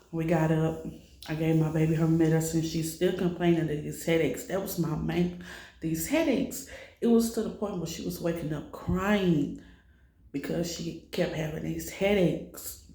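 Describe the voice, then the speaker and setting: A woman's voice: sits low, dark tone, roomy sound. A woman recounting her child's illness in a personal vlog, raw and distressed, swearing freely as she tells it. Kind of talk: emotional personal vlog storytelling.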